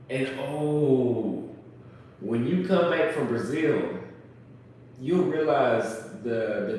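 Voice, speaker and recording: A man's voice: mid-range voice, a little mellow, a little hiss or hum. A man talking casually and bluntly, rambling and crude, mocking others by quoting them in put-on voices. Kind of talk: casual chat. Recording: echoey room, voice from far off.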